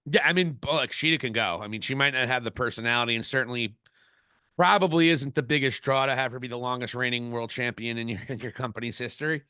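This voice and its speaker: Male podcast co-host, rambling and opinionated; bright tone, dry recording. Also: mid-range voice, fast, clean tone, dry recording. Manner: opinionated, rambling, frequent restarts. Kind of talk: casual wrestling podcast chat.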